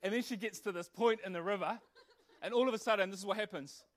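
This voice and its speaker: A young man preaching a sermon, telling a funny story with animated energy before turning earnest. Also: high-pitched, fast. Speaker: pastor.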